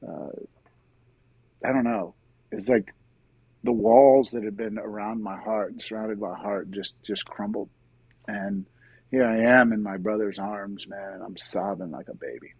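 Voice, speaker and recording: A middle-aged man, a guest in an interview, earnestly telling his personal faith story in a soft-spoken, conversational way. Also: lowish voice, sing-song, normal speed, vocal fry, breathy edge, no echo, lo-fi sound.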